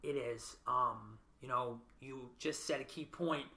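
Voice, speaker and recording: Earnest, bright-voiced male podcast host. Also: mid-range voice, unhurried, gravelly, roomy sound. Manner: earnest, reflective, often asks "right?". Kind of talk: casual interview chat.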